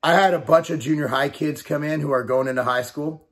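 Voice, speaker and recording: A man's voice: fairly high pitch, brisk. A man in his forties talking straight to camera in a casual vlog, blunt and emphatic, swearing and repeating his points. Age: 40s. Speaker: fitness company owner and bodybuilder.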